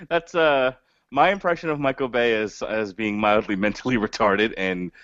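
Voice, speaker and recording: A man co-hosting a podcast, chatting casually through a movie review, animated, laughing often and restarting his sentences. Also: medium pitch, unhurried, dry recording. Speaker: podcast co-host. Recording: dull lo-fi dry audio.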